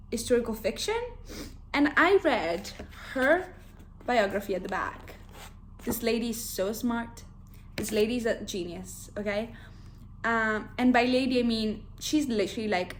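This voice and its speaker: Young woman, twenties, casual book chat, bubbly, lots of fillers, faint background hum. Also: a little high. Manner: chatty, bubbly, with many "like" fillers. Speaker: book vlogger.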